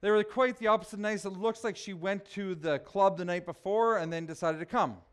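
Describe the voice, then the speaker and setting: Brisk and high-pitched, with a clean tone, a man in his forties preaches as a pastor. He fills the sermon with funny stories and animated, self-deprecating jokes aimed at the congregation.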